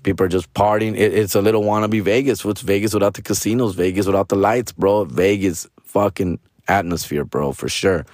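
A comedian in his forties talking casually in a hoarse, raspy voice. He swears freely, drops Spanish slang, and keeps ending lines with "fool" and "bro". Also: deep voice, fairly even intonation, brisk, hardly any pauses, darkish tone, no echo, studio quality. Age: 40s. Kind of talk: casual monologue.

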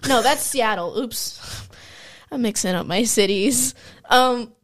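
A woman's voice: on the high side, slow, a bit bright. A young woman co-hosting a podcast, chatting casually and telling stories with frequent laughs. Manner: chatty storyteller, laughs often. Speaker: podcast co-host. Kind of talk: casual chat.

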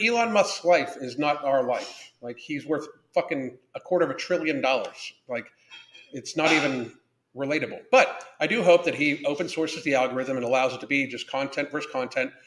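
A podcast host with a slightly high, fairly bright male voice chats casually on a livestream, rambling along in a blunt, profane way. The recording has a roomy echo.

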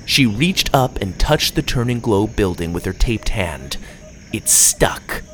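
A man reads a children's story with a lively, swinging pitch, leaning into the action. His voice sits in a middle register, with a faint hiss in the background. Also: a little slow. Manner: expressive read-aloud with lively pitch. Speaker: narrator. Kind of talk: storybook narration.

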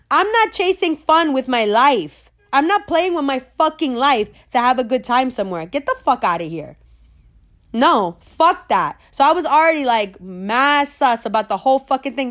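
A woman telling a story in a blunt, profane way, repeating her points for emphasis. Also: sits high. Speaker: vlogger. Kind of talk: casual storytime rant.

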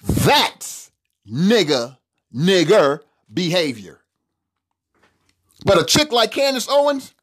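A man's voice: high-pitched, a bit bright. A middle-aged man hosting a solo podcast, talking in an emphatic, preachy way and repeating words for stress. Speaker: podcast host.

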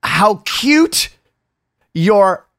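A man co-hosts a loose podcast chat, rambling from joke to joke. His voice sits a little higher than most men's, recorded dry and close. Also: very animated, extremely slow, fairly bright tone, no room sound. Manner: rambling, jokey, swears. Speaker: co-host.

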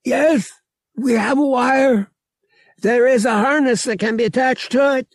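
A man voicing a terse male alien cat creature with a strained, high voice and short, formal replies. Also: unhurried, no echo, studio quality, exaggerated voice. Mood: earnest.

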